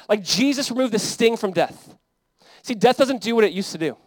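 A man's voice: very high-pitched, expressive, fairly quick, no room sound. A young adult man, a pastor, preaching a sermon in an earnest, conversational way that builds to emphatic peaks.

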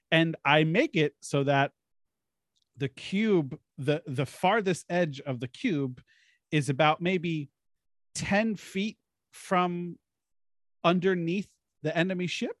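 A man's voice: fairly high pitch, no room sound, clean studio sound. A man hosting a podcast, animatedly telling a tabletop game story in a casual, chatty way. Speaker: podcast host.

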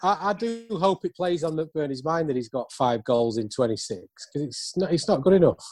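A man in a casual post-match football chat, animated and quick to laugh, often stammering over his words. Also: fairly high pitch. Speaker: football podcast co-host.

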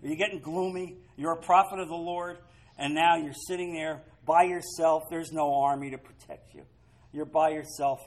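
A man's voice: fairly high pitch, fairly even intonation, moderate pace, rough recording. A man preaching a sermon, reading scripture aloud and breaking into dramatic, emphatic asides to the congregation. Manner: dramatic, rising to loud emphatic peaks. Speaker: pastor.

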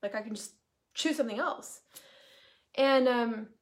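A woman's voice: on the high side, a little slow. A woman talking casually on a live video, chatty and emphatic, greeting viewers as she goes and swearing freely. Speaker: certified facilitator hosting a live video. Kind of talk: casual live-stream monologue.

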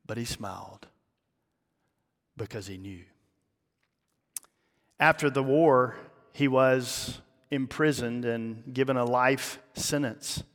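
A male pastor telling a story in a sermon, dramatic, with his voice dropping low and hushed at the emotional peaks. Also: slow pace, pauses often. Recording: long hall reverb.

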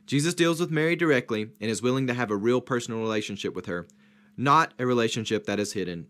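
A man leading a Bible study discussion. He teaches in a structured way, lays out numbered points and rhetorical questions, and leans hard on key words. His voice sits at a middle pitch. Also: fairly bright tone.

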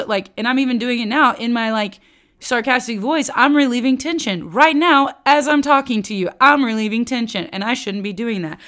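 A woman teaching the Bible on her podcast in a candid, animated, self-aware way, talking straight to her listeners. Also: fairly high pitch, normal speed. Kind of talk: conversational teaching.

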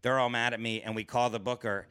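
A man's voice: mid-range voice, quick pace, clear, resonant tone. A man, a stand-up comedian, telling a story on a podcast, acting out the people in it and swearing freely. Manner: animated storyteller, acts out quoted voices, swears freely. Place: podcast studio.

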